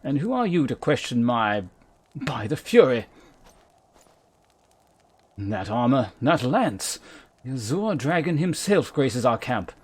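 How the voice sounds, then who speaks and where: A man's voice: mid-range voice, sing-song, slow, pauses often, breathy edge, exaggerated voice. A man reading as a proud courtly knight leader. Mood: formal. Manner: formal, old-fashioned speech read aloud.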